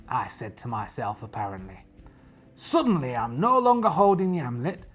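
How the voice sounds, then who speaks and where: A man narrating a solo tabletop game as host, chatty and animated with jokey asides, his voice tired and strained. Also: medium pitch, normal speed, soft background music.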